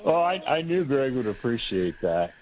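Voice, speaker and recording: A man's voice: medium pitch, normal speed, highs cut off. A man co-hosting a talk radio show, teasing the host in playful banter. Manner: teasing, animated.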